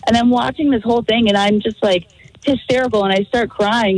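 Woman, radio caller, excitable storytelling, husky, fairly high, dry sound. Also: a little fast, no echo, rough recording. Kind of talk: telling a story on a call-in show.

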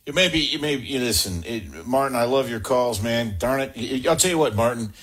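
A man hosting a call-in sports radio show, chatty and quick to move callers along. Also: mid-range voice, lively intonation, a crowd in the background.

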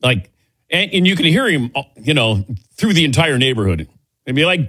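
A man's voice: medium pitch, lively intonation, sharp tone. A middle-aged man hosting a sports talk show in a studio, chatting loosely and joking with his crew. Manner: loose, joking, reads ad copy briskly. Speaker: radio and TV sports show host. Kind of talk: casual sports radio chat. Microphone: studio microphone.

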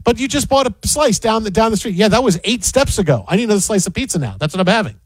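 A man with a fairly high voice riffs and rants through casual sports talk, stumbling over his words and laughing as he goes. The sound is close and dry, with no room around it. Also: fast, breathy edge, dry recording. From Detroit area. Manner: animated, ranting, repeats himself, laughs often. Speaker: sports radio co-host.

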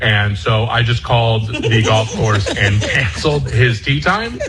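A man telling a story in a dry, deadpan way in a played radio clip. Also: mid-range voice, a little slow, over loud music, rough recording. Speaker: prank caller in a played clip. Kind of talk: radio bit.

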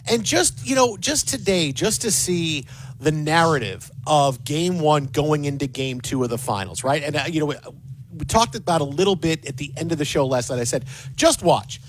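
A man hosting sports talk, telling rambling, excitable stories full of restarts. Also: a little high, moderate pace, a little hiss or hum. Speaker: sports radio host.

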